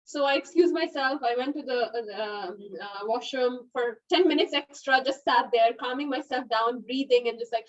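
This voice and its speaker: A woman hosting an online webinar in a chatty, casual way, laughing often and filling pauses with "okay" and "you know". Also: high-pitched. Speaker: webinar host. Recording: dull, distant webinar audio.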